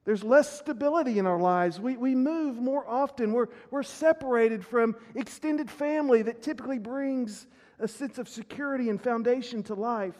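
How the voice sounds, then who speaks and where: A man's voice: very high voice, normal speed, a little mellow. A man preaching a sermon as pastor, telling a personal story earnestly with many restarts. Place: church sanctuary. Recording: long reverb of a church hall.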